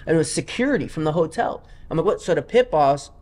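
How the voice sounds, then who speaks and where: A man's voice: on the high side, lively intonation, fast, darkish tone. A man, a professional gambler, telling loose, rambling stories full of asides as a guest in a casual interview.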